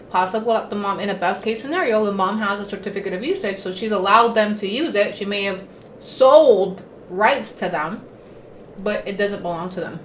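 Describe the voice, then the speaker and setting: A woman with a medium-pitched, fairly bright voice hosts a laid-back livestream, eating as she chats and weaving Spanish words into her English. The recording has room echo and faint noise.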